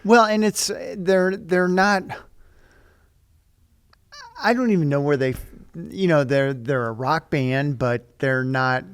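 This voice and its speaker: A man's voice: a little high, slow, pauses often, clean tone, no room sound. A man co-hosting a podcast, chiming in agreeably in casual chat about music. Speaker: podcast co-host.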